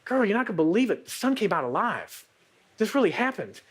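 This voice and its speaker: A male preacher voicing an eager, excited woman friend who urges and insists. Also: high voice, a little fast, slightly rough, heavily acted.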